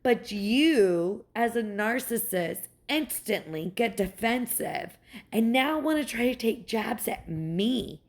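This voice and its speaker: A young woman, a mother, in a heated and profane personal rant, sarcastic and quick to mock others. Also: fairly high pitch, animated. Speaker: mother venting about her ex's family.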